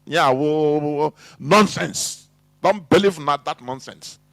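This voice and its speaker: A Nigerian man giving a fiery political monologue, full of rhetorical questions and halting restarts. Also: on the high side, vocal fry, a bit bright, dry recording. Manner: halting with restarts and repeated words. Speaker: activist commentator.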